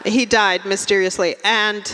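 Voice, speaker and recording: A Russian-born woman doing a stand-up set on a theatre stage with dry, deadpan delivery. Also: mid-range voice, a little slow, background noise. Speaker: stand-up comedian. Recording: live theatre hall reverb.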